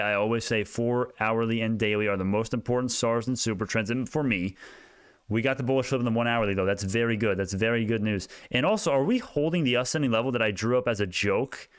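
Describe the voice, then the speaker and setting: Excitable young man rambling about stocks. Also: medium pitch, clean tone, no echo, clean studio sound. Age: young adult. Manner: rambling, excitable, drifts onto tangents. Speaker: stock market YouTuber. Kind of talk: casual stock chart commentary.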